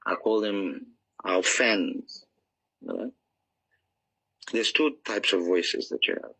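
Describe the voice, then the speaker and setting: Deep husky man explaining earnestly. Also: big pitch swings, takes it slowly, pushed and bright, rough recording. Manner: earnest, explanatory, acts out inner voices. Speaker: author guest. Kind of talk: interview answer, teaching.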